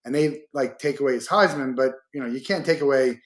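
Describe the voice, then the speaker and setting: A man's voice: medium pitch, a little fast. Casual male host in an echoey room. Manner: casual, hesitant with fillers. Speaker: podcast host. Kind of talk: interview questions, casual chat. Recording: roomy echo.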